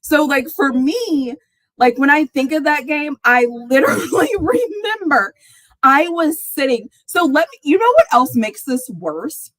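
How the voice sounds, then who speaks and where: An animated, high-pitched woman hosts a casual sports talk livestream at an unhurried pace. She laughs often and her exclamations rise into squeals. She supports Texas without being from there, and the recording is dry with poor audio.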